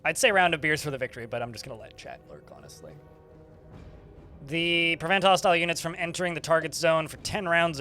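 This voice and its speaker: A man's voice: fairly high pitch, fairly bright tone. A man casually commentating a strategy game while streaming, chatty and swearing now and then. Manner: chatty, swearing, talks to chat.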